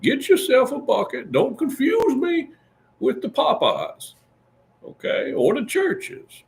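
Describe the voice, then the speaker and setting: A man doing a comic impression of an elderly, folksy fried-chicken colonel, pushing a sales pitch. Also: huge pitch swings, takes it slowly, gravelly, a little hiss or hum, heavily acted. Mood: pushy folksy. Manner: pushy, repetitive sales pitch, high strained voice.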